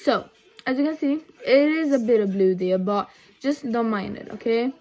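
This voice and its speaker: A young woman vlogs a casual makeup tutorial at home, filmed on a phone camera set low. She rambles and chats at a normal speed in a slightly mellow voice, filling it with ums and side remarks.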